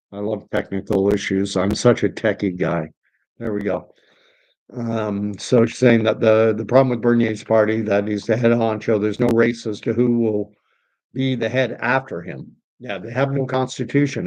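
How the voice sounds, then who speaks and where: A man's voice: fairly low pitch, a little mellow. A man hosting a casual livestream and reading viewer comments, talking in a rambling, enthusiastic way with frequent restarts. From Canada. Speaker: online commentary host.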